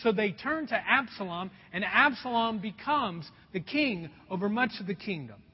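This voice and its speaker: A man's voice: high voice, animated, normal speed, husky. A man preaching a sermon, telling a personal story in an earnest way and calling his listeners folks. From Indiana, USA. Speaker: pastor. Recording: dull sound with long hall reverb.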